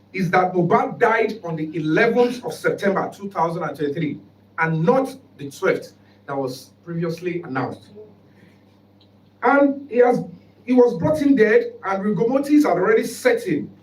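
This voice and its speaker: A man with a Nigerian English accent, a human rights foundation spokesman giving an emphatic, formal press conference statement. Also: high-pitched. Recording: roomy hall, distant mic, faint background noise.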